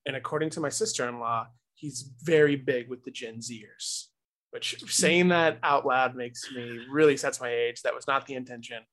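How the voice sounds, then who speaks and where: A man's voice: mid-range voice, normal speed, fairly bright tone, low-quality recording. A man co-hosting a podcast, chatting casually in a joking, rambling way with restarts. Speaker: podcast co-host. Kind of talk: casual chat.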